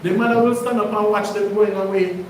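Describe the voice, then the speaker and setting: A man preaches a sermon, spinning it into casual stories. His voice sits fairly high. He is picked up from across an echoey room with faint ambient noise. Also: fairly even intonation, brisk, far from the mic. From Jamaica. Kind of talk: sermon teaching.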